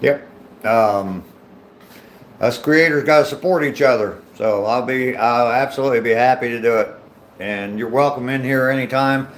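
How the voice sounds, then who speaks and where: A man's voice: mid-range voice, normal speed, a little hiss or hum. An older man from Ohio who hosts a daily live stream, chatting casually with viewers while out on a walk and greeting them by name, with many ums. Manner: reads viewer names aloud and chats back, with many ums. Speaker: livestream host. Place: outdoors on a walk.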